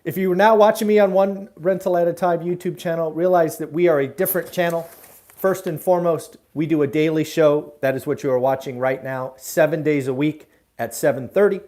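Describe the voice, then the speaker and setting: A man's voice: on the high side, fairly even intonation, a little fast, a little mellow. A middle-aged man hosting a live daily real estate show from his room at home, giving direct, emphatic advice with frequent "uh" fillers. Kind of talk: live solo talk to camera.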